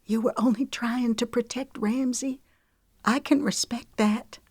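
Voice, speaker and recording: A woman reading the part of a frightened, tearful young woman who speaks softly, almost in a whisper. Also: on the high side, steady tone, unhurried, breathy edge, no room sound, studio quality, pitched above the performer's own voice. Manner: soft, near whisper, trembling.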